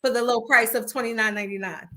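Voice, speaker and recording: A woman with a rather high, bright voice hosts a casual podcast over an internet call. She tells stories with animation and slips into other people's voices when she quotes them. Her tone stays bright and forward throughout. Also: fast. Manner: animated storyteller who acts out quotes. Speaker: podcast host. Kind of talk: casual chat. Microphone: remote call over the internet.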